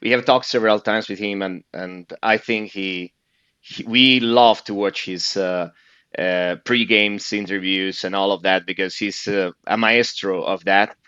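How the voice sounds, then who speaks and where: Guy host, lowish crisp voice, lots of uhs, dry dull mic. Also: fairly even intonation, unhurried, pushed and bright, no room sound. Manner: hesitant, many "uh" fillers. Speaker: podcast host. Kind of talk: interview questions. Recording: dry, slightly dull sound.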